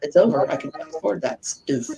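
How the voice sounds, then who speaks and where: A woman chatting casually with friends on a live stream, animated and quick to laugh. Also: low voice, gravelly, crowd noise, low-quality recording. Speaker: stream participant. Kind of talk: casual group chat.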